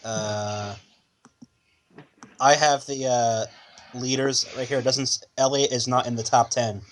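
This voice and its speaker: A man's voice: mid-range voice, steady tone, takes it slowly. Young male podcast co-host, talkative and jokey, remote mic with slight hiss. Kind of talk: casual hockey chat. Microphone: remote call mic.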